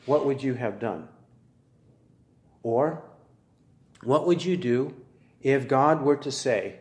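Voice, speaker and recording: A man preaching a sermon, building his points through earnest, measured rhetorical questions. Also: mid-range voice, reverberant.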